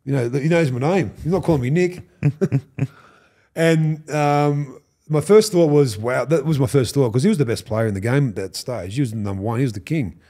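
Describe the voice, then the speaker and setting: Speaking at a moderate pace in a mid-range voice, a fifties-aged man with an Australian accent tells stories on a podcast, where he's a guest and former rugby league player. He's an animated storyteller, acting out what others said, swearing freely and laughing.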